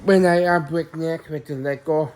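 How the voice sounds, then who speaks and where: A man vlogs casually to the camera, rambling and frequently restarting or correcting himself mid-sentence. His voice is fairly high and a little mellow, with a steady tone and a moderate pace.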